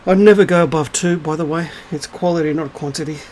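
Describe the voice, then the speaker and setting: A middle-aged spiritual vlogger with a fairly high, darkish voice rants quickly to camera in fairly even intonation, blunt, scornful and free with swear words. Slight background noise sits under the rough recording.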